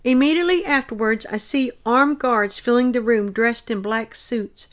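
Earnest woman reading a dream account. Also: on the high side. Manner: earnest, measured and descriptive. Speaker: narrator of her dreams.

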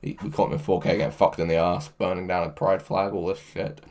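A man's voice: deep voice, level tone, a little fast, a little mellow. A man hosting a livestream, reading chat aloud in a crude, joking way and laughing often. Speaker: livestream host. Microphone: headphones with mic.

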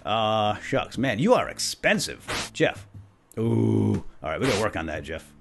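Playful man with lively swings in pitch. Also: measured pace, vocal fry. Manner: playful, bantering with game characters. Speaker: let's play host. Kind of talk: casual gameplay commentary. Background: game music.

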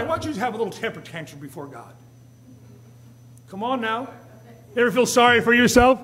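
A man, a pastor, preaching a sermon in a church, swinging between quiet asides and loud, rising appeals and acting out whiny quotes. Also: high voice, lively intonation, fast, pauses often, slightly rough, long reverb tail. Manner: preaching with sudden rises and drops in loudness, acting out whiny quotes. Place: church sanctuary.

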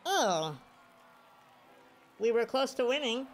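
A man commentating his own baseball video game as he plays, excitable, his voice jumping to high shouts at big plays, tired after hours of play. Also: takes it slowly. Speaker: gaming YouTuber. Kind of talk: live gameplay commentary.

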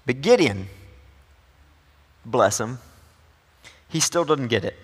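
A man's voice: medium pitch, lively intonation, slow pace, slightly rough. A male pastor preaching a sermon in a conversational, joking way, with a long church reverb. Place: church sanctuary.

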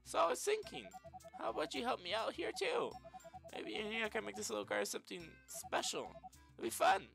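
A man voicing a cheerful, friendly male bunny groundskeeper in a high, chipper, folksy drawl while reading game dialogue aloud. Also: wildly swooping pitch, a little fast, creaky, over music, heavily acted. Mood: coaxing.

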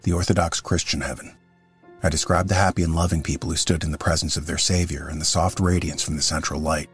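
A man narrating a classic story as an audiobook, in a measured, earnest reading. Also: rumbling low, fairly even intonation, soft background music.

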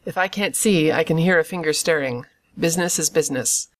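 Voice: medium pitch, a little fast, a bit bright, lightly acted. An audiobook reader voicing a cruel, sinister blind old beggar in a wheedling sing-song that turns to a cold sneer. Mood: cold menacing. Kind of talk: audiobook character reading.

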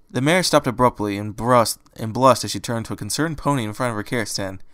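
A man narrating a fan audiobook, his voice at a middling pitch. He keeps the storytelling plain and steady between the characters' lines. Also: fast, smooth. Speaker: reader.

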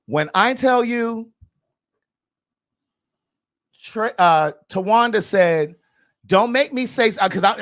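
A man's voice: sits high, fairly bright tone. A man hosting a podcast, giving blunt, sassy, gossipy commentary in a casual chat. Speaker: podcast host.

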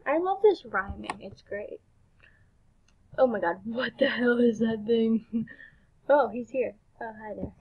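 A woman's voice: a little high, slow, long pauses, slightly rough, highs cut off. A woman gaming YouTuber reading a game's story aloud, reacting with bewildered exclamations and laughs.

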